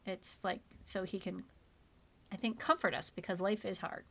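A middle-aged mother co-hosting a faith podcast, talking in an earnest, emotional way and slowing down for emphasis. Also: mid-range voice, fairly even intonation, creaky, fairly bright tone.

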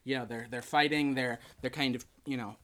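A man hosting a podcast, chatting casually and retelling a film with lively acted-out quotes. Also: mid-range voice, fairly quick. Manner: animated storytelling, acts out quotes. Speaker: podcast host. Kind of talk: casual chat.

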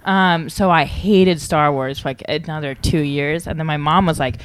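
A young woman with a fairly low voice tells a story in an easy, giggly way, dropping likes as she goes. Faint noise and clicks sit behind her. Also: fairly even intonation, normal speed. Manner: giggly, chatty, lots of likes. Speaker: guest in group chat. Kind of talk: casual anecdote.

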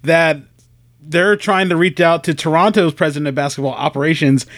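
A man's voice: on the high side, brisk, fairly bright tone, no room sound, clean studio sound. A man in casual podcast chat, reflective, with exclamatory asides.

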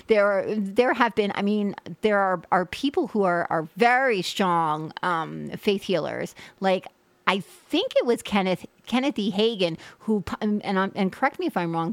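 A woman host talks in a chatty, rambling way, often laughing between thoughts. Her voice sits at an average pitch and sounds close and dry, with no echo. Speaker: talk show host. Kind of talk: casual interview chat.

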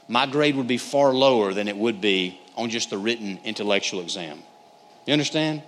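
A man's voice: lowish voice, animated, normal speed, fairly bright tone. A man teaching through a Bible passage in an earnest, conversational way, often calling his listeners "guys". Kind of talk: sermon-style Bible teaching. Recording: echoey hall, faint noise.

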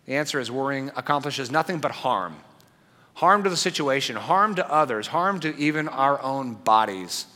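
A pastor preaching a sermon in an animated, conversational way with playful asides. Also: male voice, medium pitch, normal speed, in a large hall.

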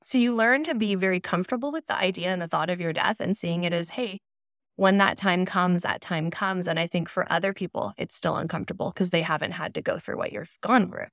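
A woman speaks as a podcast guest in a slightly low voice. She talks casually and thoughtfully, dropping "like" into her sentences again and again. The sound is dry and close. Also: quick pace, vocal fry, few pauses, no echo. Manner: reflective, frequent "like" fillers. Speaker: podcast guest, cancer survivor. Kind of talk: casual conversation.

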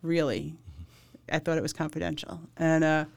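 A woman's voice: low-pitched, moderate pace. A woman who works in emergency medicine, telling candid stories in a casual interview and laughing through grim details. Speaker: emergency medical worker, podcast guest.

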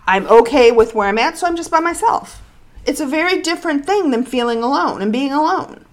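A woman's voice: high-pitched, animated, fairly quick. A woman co-hosting a podcast, speaking candidly and personally about her own life in casual chat. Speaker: podcast co-host.

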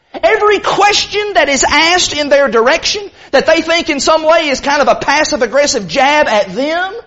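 A man preaching a sermon to his congregation, with animated delivery and frequent rhetorical questions. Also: very high voice. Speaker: pastor. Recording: dull lo-fi sound.

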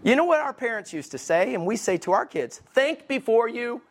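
A male pastor giving a conversational sermon, repeating key questions slowly and joking at his own expense. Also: high voice, sing-song.

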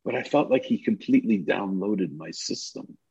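A man's voice: fairly low pitch, normal speed, vocal fry, husky, no echo. An older man, a podcast guest, telling a long story and acting out the dialogue as he goes. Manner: animated storyteller who acts out the dialogue. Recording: slightly muffled recording.

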